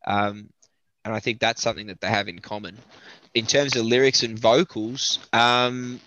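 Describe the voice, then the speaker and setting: A man's voice: fairly low pitch, flat delivery, normal speed, sharp tone. An Australian man, a metal vocalist, chatting casually in an interview and thinking aloud with lots of fillers. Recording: dull lo-fi dry audio.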